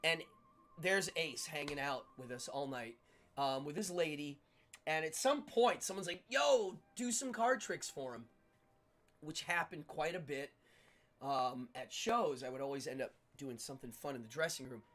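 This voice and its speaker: A middle-aged man hosting a livestream, telling stories in a casual, animated way with frequent laughter. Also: on the high side, normal speed. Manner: animated, laughs often, acts out quotes. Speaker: livestream host. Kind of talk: casual storytelling chat.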